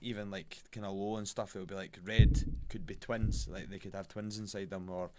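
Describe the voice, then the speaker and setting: Scottish young man, low and easygoing. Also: level tone, fairly quick, heavy background noise. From Scotland. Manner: rambling storyteller, broad colloquial talk. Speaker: guest, fighter. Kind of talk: casual podcast chat.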